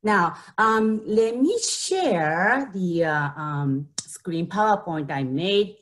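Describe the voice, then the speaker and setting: A woman's voice: on the low side, animated, takes it slowly. A woman with a Japanese accent, a native Japanese speaker, teaching a beginner language lesson patiently with plenty of ums and repeated phrases. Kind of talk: slow online language lesson.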